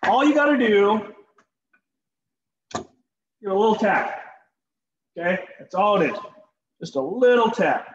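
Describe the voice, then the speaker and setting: Guy teaching shop class, jokey and folksy, kinda high voice, roomy echo. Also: sing-song, slow pace, long pauses, dull audio, a little hiss or hum. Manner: folksy, joking, talks to students directly. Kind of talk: classroom demonstration. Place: school workshop.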